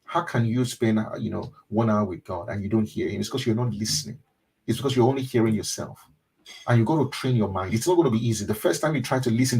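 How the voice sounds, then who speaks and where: Man, pastor, motivational webinar speaker; earnest and repetitive, mid-pitched, shifting to hushed intimate delivery. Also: slightly rough, low-quality recording. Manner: earnest, repetitive, mimics loud praying then drops to a soft intimate tone. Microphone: webinar microphone.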